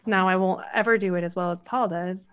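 A woman co-hosting a relaxed conversation about scripture, her voice sitting at an ordinary middle pitch. She talks with eager momentum and reads long passages aloud. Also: a little fast, clean tone, highs cut off. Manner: animated, quotes scripture at length, runs on excitedly. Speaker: podcast co-host. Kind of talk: casual Bible discussion.

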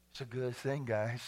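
A middle-aged male pastor preaching an exuberant sermon, swinging from shouts to hushed tones and laughing often. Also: on the high side.

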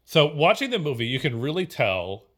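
A man's voice: on the high side, sing-song, a little fast, a bit bright. A man co-hosting a casual film podcast, rambling with many fillers and restarts. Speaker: podcast co-host.

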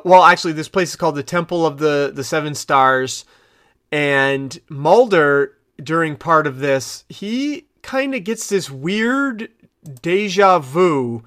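A man's voice: a little high, fairly bright tone, clean tone, no echo, clean studio sound. A man co-hosting a podcast, recapping an episode in loose, rambling casual chat full of fillers and restarts. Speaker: podcast co-host.

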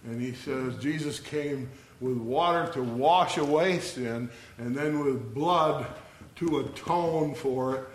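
Speaking at a medium pitch with a breathy edge, a man leads an adult Bible study in a slow, chatty way. He brings the lesson to life by performing brief snippets of dialogue as he goes.

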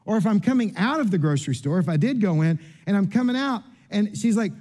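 A man's voice: high voice, animated, a little fast, few pauses, darkish tone. A middle-aged male pastor preaching a sermon, telling humorous stories about himself and often repeating words as he restarts. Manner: storytelling with humorous asides and self-mockery.

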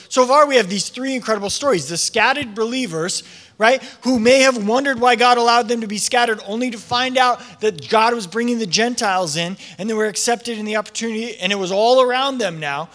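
A man preaching a sermon, telling a story with animated voices for the people in it. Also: high voice. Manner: animated storytelling, acting out quoted prayers. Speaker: pastor.

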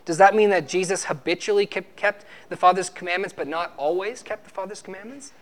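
A man's voice: high-pitched, fairly quick, a little hiss or hum. A man preaching a sermon, arguing emphatically and teaching with rhetorical questions.

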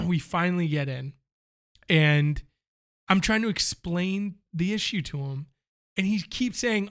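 A man telling a story in casual chat, animated, acting out both sides of phone calls. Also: high voice, unhurried.

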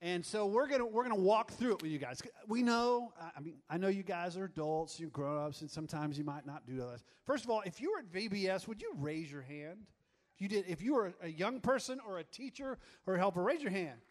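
High-voiced, upbeat male worship leader. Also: animated, brisk. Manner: upbeat, coaxing and teasing the crowd. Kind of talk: teaching a church congregation a song. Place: church room with an audience.

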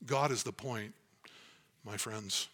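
A man's voice: on the low side, slow, bright, forceful tone. A man preaching a sermon as pastor, earnest and emphatic as he reads and explains scripture.

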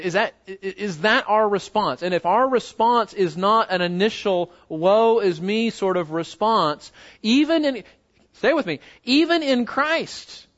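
A man's voice: sits high, a bit bright, dull audio. A man preaching an expository sermon as pastor, emphatic, swinging from raised stresses down to near murmurs and asking his listeners rhetorical questions.

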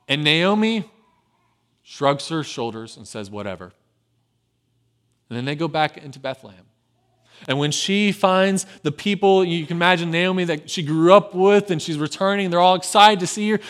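This man's voice sits high as he preaches from the pulpit. He moves between quiet tenderness and loud, pressing urgency.

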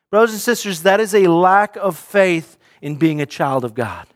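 Speaking in a voice that's high for a man, a male pastor preaches a sermon earnestly and directly. He often repeats a word or restarts a phrase before pushing on, keeping an animated, moderate pace with few pauses.

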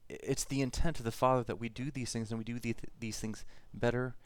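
A man's voice: medium pitch, steady tone, quick pace, no room sound. A male pastor preaching a sermon, reading prayer and scripture aloud in an earnest way, with frequent restarts.

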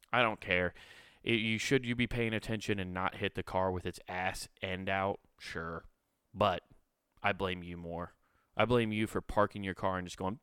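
A man's voice: fairly bright tone, smooth, no room sound, clean studio sound. A man hosting a solo podcast, ranting with plenty of swearing and mocking others now and then in a sneering voice. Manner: profane, ranting, mocks others in a high sneering voice. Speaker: podcast host.

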